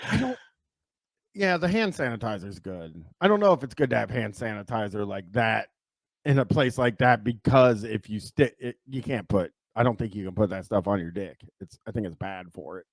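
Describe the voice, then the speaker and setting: A man's voice: on the low side, expressive, moderate pace, dry recording, studio quality. A man co-hosting a stream, chatting casually with wry, crude jokes while reacting to a video. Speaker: stream co-host.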